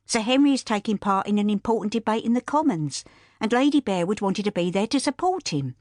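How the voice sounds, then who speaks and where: A woman voicing a practical older family friend who speaks briskly, sternly and with plain comfort. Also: mid-range voice, lively intonation, a little mellow, no echo, clean studio sound, voice pushed up, lightly acted. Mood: firm.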